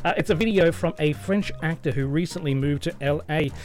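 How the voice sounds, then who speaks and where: A man hosting a radio show, chatty and quick to laugh. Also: fairly high pitch, darkish tone, faint music behind. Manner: chatty, laughs easily, many fillers. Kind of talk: casual radio chat.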